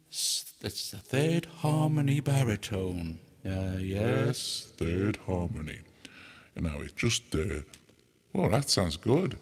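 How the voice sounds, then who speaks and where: A man's voice: animated, takes it slowly, breathy edge. Joking man through a harmonizer effect. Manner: joking, rambling, self-mocking. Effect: voice run through a harmonizer pitch effect. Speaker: host demonstrating audio effects. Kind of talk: casual demo chat with playful joking.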